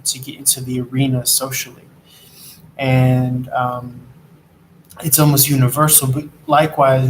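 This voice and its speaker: A man's voice: medium pitch, poor audio. A man giving a rambling, profane, streetwise spiritual monologue while riding an e-scooter in traffic. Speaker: tarot reader and delivery rider.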